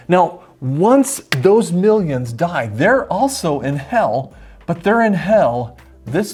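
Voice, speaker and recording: Male Bible teacher, sermon delivery, lively swooping pitch, husky tone, faint music underneath. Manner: animated, acts out quoted voices.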